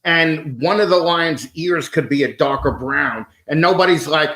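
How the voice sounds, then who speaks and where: A man talking as a podcast guest with a fairly high voice, ranting and swearing freely. He stumbles into repeated restarts as he goes off on a tangent. His voice carries a roomy echo. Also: normal speed, few pauses, sharp tone. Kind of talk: casual profane chat.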